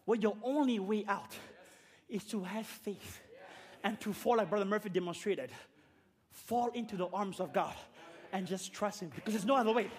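A man preaching a fiery sermon, shouting repeated rhetorical questions and dropping to quiet low passages. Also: normal speed, slightly rough.

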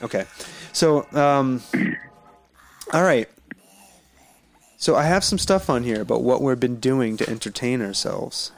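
A man's voice: mid-range voice, slow pace, long pauses, soft background music. A man in his forties co-hosting a casual podcast chat, who laughs hard and swears freely. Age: 40s. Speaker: podcast co-host.

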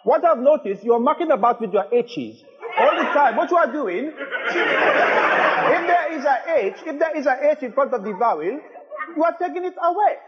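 An actor playing a pompous young Nigerian accountancy student lecturing a studio audience in a comedy sketch. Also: male voice, very high voice, animated, moderate pace. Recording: dull old TV recording, loud noise, hall echo.

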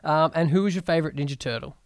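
Podcast host guy, bit higher voice, dry sound, chill and swears a lot. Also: rapid-fire, no room sound. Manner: relaxed, swears casually. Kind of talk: casual interview chat.

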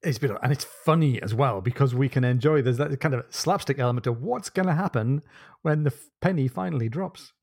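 A man's voice: medium pitch, a little fast, gravelly, a little mellow, no room sound, studio quality. A man hosting a podcast, retelling a novel's plot with enthusiasm and wry asides. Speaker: podcast host. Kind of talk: casual book discussion.

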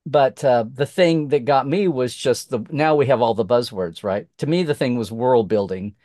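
A middle-aged man from Oklahoma tells a story in a casual podcast chat. He is animated, jumps between quoted voices and restarts his sentences often. His voice sits mid-pitch in a dry, close recording. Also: moderate pace, no echo. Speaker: podcast guest.

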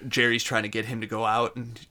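A man's voice: mid-range voice, little pitch movement, quick pace, pushed and bright. A man co-hosting a casual podcast, laid-back and fond of retelling scenes. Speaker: podcast co-host. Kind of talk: casual chat.

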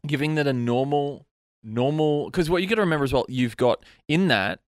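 A man hosting a casual podcast chat, rambling and animated, his voice sometimes trailing off into mutters. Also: fairly high pitch, fairly quick, no room sound, studio quality. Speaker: podcast host. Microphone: studio mic.

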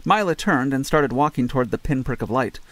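A man reading an audiobook in measured scripted narration. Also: medium pitch, animated, a bit bright, no room sound.

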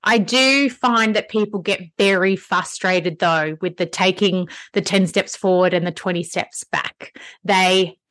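A woman's voice: mid-range voice, a little slow, few pauses, fairly bright tone, dry recording. A woman hosting a podcast, talking reflectively about her own client work. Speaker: podcast host. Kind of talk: podcast interview.

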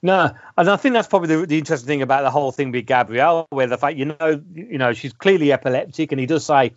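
Guy rambling about a film, slightly high voice, kinda muffled dry audio. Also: fast, dry recording. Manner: rambling, repeats words and restarts often. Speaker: podcast co-host. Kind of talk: casual film discussion. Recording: dull lo-fi sound, dry.

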